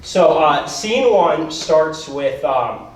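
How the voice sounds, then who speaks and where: A man's voice: fairly high pitch, animated, extremely slow, a little hiss or hum. A man doing stand-up comedy at a talent show, rambling and self-deprecating, losing his voice. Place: school auditorium stage with audience. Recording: echoey hall recorded from far off.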